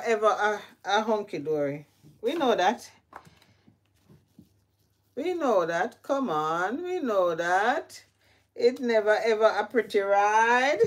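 Woman, Jamaican accent, middle-aged, gardening vlog, chatty and repetitive, somewhat high voice. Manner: chatty, repeats herself, talks to viewers. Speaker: gardening vlogger. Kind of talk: casual chat while gardening.

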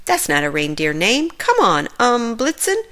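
A woman's voice: fairly high pitch, wildly swooping pitch, unhurried, pushed and bright, full character voice. Chase, an eager police puppy, voiced by a woman. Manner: keen, eager. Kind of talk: children's storybook read-aloud.

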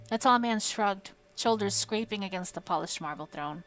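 A woman reads a fantasy novel aloud for her live stream, measured and dramatic. Faint music plays quietly behind her voice. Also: mid-range voice. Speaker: audiobook reader on a live stream. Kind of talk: audiobook narration. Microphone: home streaming microphone.

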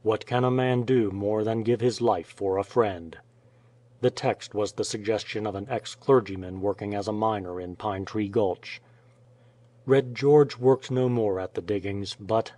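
A man reading an adventure story aloud as an audiobook narrator, in a steady storytelling manner. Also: on the low side. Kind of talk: scripted narration.

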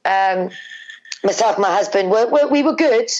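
A woman's voice: mid-range voice, normal speed, highs cut off. A middle-aged woman from England, telling an emotional family story as an interview guest, repeating words and acting out what people said. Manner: animated, repeats words, acts out family dialogue.

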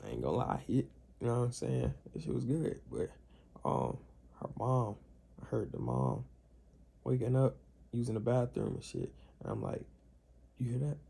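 Speaking at a normal speed with long pauses, this young male vlogger has a gravelly, slightly rough mid-range voice. He casually tells a slang-heavy story to camera, playing the other people's parts with lively delivery.

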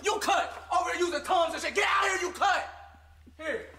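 A man playing a loud, rude fast-food worker. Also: very high voice. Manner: loud, brash, cursing, dismissive. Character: rude, hot-tempered young male fast-food worker. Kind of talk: comedy sketch acting. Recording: roomy sound with crowd noise.

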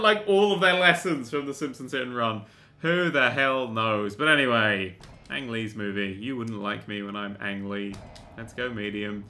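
A young man giving excitable, sweary, joke-filled commentary while playing a video game. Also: high voice. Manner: excitable, sweary, joking asides. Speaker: gaming channel host. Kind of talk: comedic gameplay commentary.

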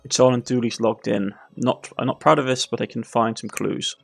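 Gravelly Cornish man reading a game. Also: mid-range voice, fairly even intonation, moderate pace, soft background music. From Cornwall. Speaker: gaming YouTuber. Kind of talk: let's play, reading game text aloud.

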